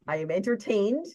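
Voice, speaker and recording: A woman's voice: medium pitch, dark tone, muffled recording. Wry woman in casual chat. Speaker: stream co-host.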